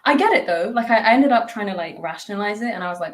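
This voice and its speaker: A woman's voice: medium pitch, animated, rapid-fire, hardly any pauses, slight background noise. A woman guest on a podcast, talking casually and reflectively, chatty with frequent laughs and lots of fillers and restarts. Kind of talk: casual reflective interview talk.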